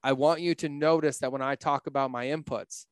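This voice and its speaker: This podcast guest is a business coach in his thirties who speaks with candid bluntness and plenty of swearing in a relaxed chat. He has a mid-range, steady voice with a brisk pace and a clean tone, recorded in a studio with no room sound.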